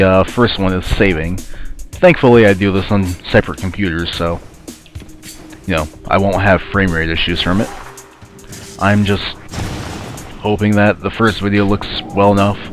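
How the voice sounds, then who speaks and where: A man's voice: deep voice, normal speed, soft background music. A man with a stuffy, sinus-congested voice, casually commenting while playing a video game, rambling and grumbling at the game. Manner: rambling, muttering asides to the game. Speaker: let's play commentator.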